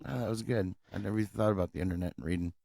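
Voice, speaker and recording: A man's voice: sits low, very fast, creaky, warm tone, no echo, studio quality. A young man co-hosting a podcast in casual chat, laid-back and swearing freely as he laughs along. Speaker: podcast co-host.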